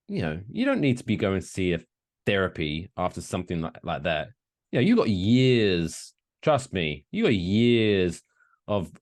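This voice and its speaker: A man in his thirties co-hosting a casual podcast. He rambles and jokes crudely, his somewhat low voice swinging widely in pitch. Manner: rambling, animated, crude joking. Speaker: podcast co-host.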